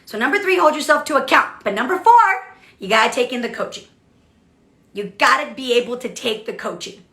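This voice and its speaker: Blunt, animated woman coach. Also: a little high, reverberant. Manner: blunt, animated, keeps asking okay and right. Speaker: leadership coach. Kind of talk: casual livestream talk.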